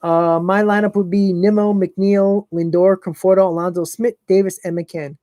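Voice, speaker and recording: A man's voice: sits high, level tone, normal speed, mellow, no room sound. A man hosting a casual fan live stream, blunt and opinionated, talking to chat viewers by name.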